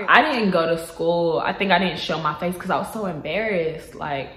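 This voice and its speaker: A young woman talks through a personal story in a chatty vlog style, sprinkling "like" and "y'all" throughout. Her voice sits a little low and she sounds close to tears. The sound is roomy, with an echo around her. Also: expressive, moderate pace, few pauses, fairly bright tone. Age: young adult. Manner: chatty, heavy use of "like" and "y'all". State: tearful, holding back crying. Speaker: vlogger.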